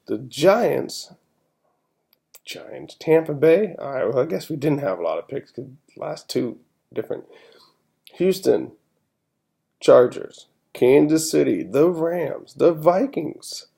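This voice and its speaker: A man hosting a casual sports-picks show, his voice gravelly and mellow in tone. He talks in a lively, swinging way and runs through his picks like an exasperated fan, restarting his sentences as he goes. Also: medium pitch. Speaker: podcast host.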